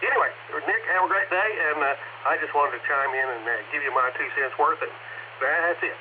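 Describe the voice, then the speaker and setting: A chatty man from Oklahoma checks in on the radio net with a light story. His voice sits fairly high, and the narrow, tinny radio signal carries a clear hiss. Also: a little fast. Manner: chatty, telling a light anecdote.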